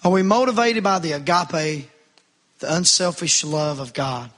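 A man's voice: fairly high pitch, expressive, measured pace, a bit bright. A middle-aged man preaching a sermon, calling out to the congregation with rising fervor.

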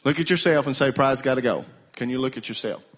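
A man's voice: mid-range voice, fast, a bit bright. A male pastor preaching a sermon, calling on the congregation to answer him. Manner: call-and-response preaching, urging the congregation to answer.

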